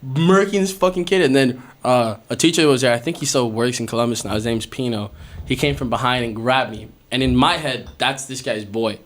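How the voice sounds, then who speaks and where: A young man hosting a podcast, telling a story in a casual, animated way, with lots of swearing and laughter. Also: mid-range voice, fairly quick. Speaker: podcast host. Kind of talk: casual storytelling among friends. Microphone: podcast studio mic.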